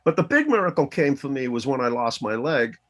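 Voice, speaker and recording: A man's voice: mid-range voice, a little fast. A man in his sixties from the Boston area, telling a personal story in an interview and acting out the dialogue in voices. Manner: animated, acts out dialogue in voices. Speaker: interview guest.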